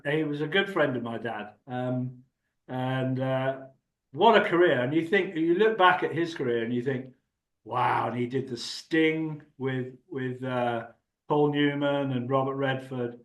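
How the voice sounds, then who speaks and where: A man's voice: medium pitch, unhurried, reverberant, low-quality recording. An older man telling a rambling anecdote as an interview guest, chatty and laughing often. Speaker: actor and guest. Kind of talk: anecdotal storytelling.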